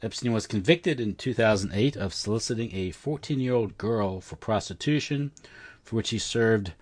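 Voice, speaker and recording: A man with a fairly low voice reads prepared notes aloud as a podcast co-host. His delivery is casual and loose, full of fillers and quick self-corrections, with offhand asides between passages. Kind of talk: casual read-through of notes.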